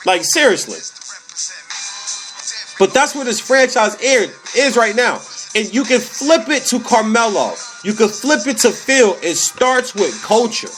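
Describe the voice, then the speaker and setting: A man hosting a comedy podcast, delivering a casual, animated sports rant full of slang and repeated phrases for emphasis. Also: very high voice, measured pace, soft background music.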